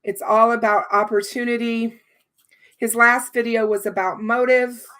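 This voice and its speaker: A woman's voice: on the high side, level tone, a little slow. Chatty woman host with a worn voice. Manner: chatty, warm thanks, many fillers. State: strained, worn voice. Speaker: livestream host. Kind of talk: casual livestream chat.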